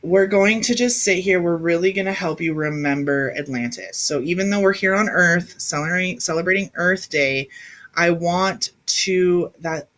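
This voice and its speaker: A woman's voice: lowish voice, normal speed, fairly bright tone. A woman in her thirties hosting a spiritual livestream, talking in an intense, emphatic and rambling way, now and then answering viewers directly into a webcam or phone mic. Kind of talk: casual spiritual livestream talk.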